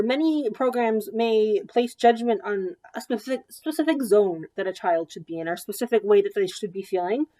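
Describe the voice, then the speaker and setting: Warm-toned woman explaining to parents. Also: a little high. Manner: conversational with frequent ums, gentle and practical. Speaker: child development therapist. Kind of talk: educational presentation.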